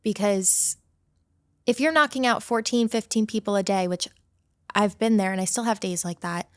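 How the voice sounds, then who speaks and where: A woman's voice: medium pitch, moderate pace, no room sound, clean studio sound. Young woman giving upbeat advice. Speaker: esthetician and studio owner. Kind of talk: casual podcast interview.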